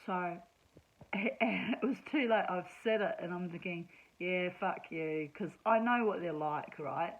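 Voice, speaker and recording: A woman's voice: lowish voice, unhurried, muffled recording. A woman telling a personal story in a casual monologue, chatty and sarcastic, laughing often. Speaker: vlogger.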